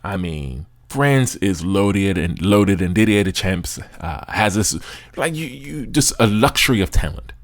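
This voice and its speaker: A young American man with a deep voice hosts a sports podcast, chatting casually and with animation, using slang and laughing often. The studio recording is clean, with no room sound.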